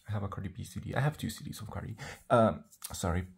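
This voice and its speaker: A man's voice: fairly low pitch, fast, vocal fry, slightly rough. A man vlogging to the camera in a rambling, chatty way, full of fillers and self-assured sass. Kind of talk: casual vlog monologue.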